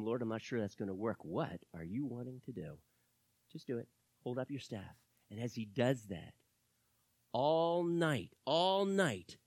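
A pastor preaching a sermon to his church, swinging between hushed words and loud, fervent calls. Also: lowish voice, husky, no echo. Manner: dramatic, swings from hushed to shouting.

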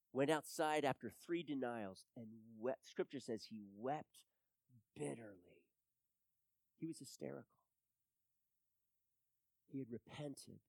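A pastor preaching a sermon, swinging between loud urging and hushed, near-whispered passages. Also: medium pitch, no room sound, poor audio.

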